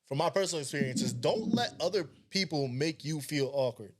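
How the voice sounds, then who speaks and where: A man's voice: fairly high pitch, lively intonation, fairly quick. A young man co-hosting a podcast, talking in a laid-back, slangy, profane way and giving blunt advice. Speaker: podcast co-host. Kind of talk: casual podcast chat.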